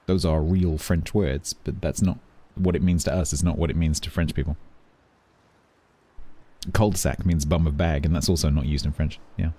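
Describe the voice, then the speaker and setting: A British man talks to his stream viewers while he plays, his voice low and a little husky. He rambles from topic to topic with dry, self-mocking humour, in a mellow, relaxed tone. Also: normal speed. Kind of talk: casual chat while gaming.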